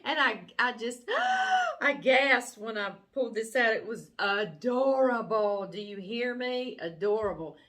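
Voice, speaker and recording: A woman's voice: fairly high pitch, a little slow, hardly any pauses, fairly bright tone. Lady from opening mail on her channel, gushy and giggly, says precious a lot. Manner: gushing, effusive, laughs often. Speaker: cooking channel host. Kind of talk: casual chat opening fan mail.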